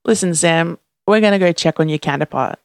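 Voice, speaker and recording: Chatty upbeat sidekick guy, a bit higher, narrator putting him on. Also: a little fast, smooth, dry recording, clean studio sound, lightly acted. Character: chatty male sidekick hologram.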